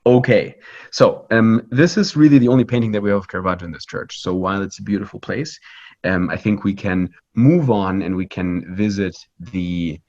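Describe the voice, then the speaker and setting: Low-voiced man guiding a virtual art tour. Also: moderate pace, dull audio. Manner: lively and conversational, with frequent fillers, restarts and "right?" tags. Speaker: virtual pilgrimage tour guide. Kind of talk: live online guided art tour.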